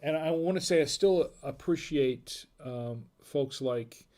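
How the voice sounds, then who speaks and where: Slow and dark-toned, yet on the high side, this man's voice carries a casual livestream where he drinks wine. He's tipsy, rambles while reading the chat out loud, and chuckles frequently.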